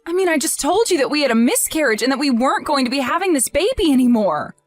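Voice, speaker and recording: A hurt young wife with a high, swooping voice, voiced by a woman, pleading and indignant by turns. Her voice is close and dry, and soft music plays under it in this text-message drama. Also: sing-song, fast, dry recording. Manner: tearful, pleading, rising to indignant.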